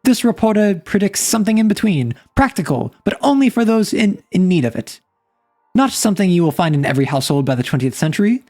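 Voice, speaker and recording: A formal, declamatory old-timey newspaper reporter, voiced by a woman, reads the day's news bulletin aloud. The pitch swings widely through each line, with soft music in the background. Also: big pitch swings, fast talker. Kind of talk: in-character news reading.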